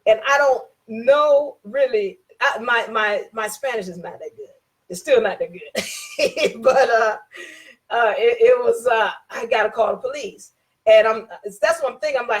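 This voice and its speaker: This woman's voice sits on the high side and moves at a measured pace. In an informal talk about contract rights, she tells a personal story, says things twice for emphasis, and plays both parts of the conversation.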